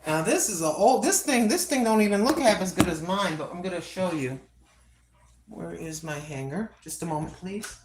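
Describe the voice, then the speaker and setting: A woman's voice: on the low side, animated, normal speed, noisy background. An older American woman chatting casually and rambling to her viewers at home. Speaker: vlogger. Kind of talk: casual chat.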